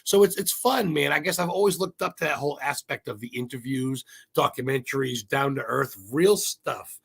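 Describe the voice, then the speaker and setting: A man from Maine, a podcast guest, talking in a rambling, excitable way and swearing freely. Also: medium pitch, normal speed, gravelly, husky. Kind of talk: casual interview chat.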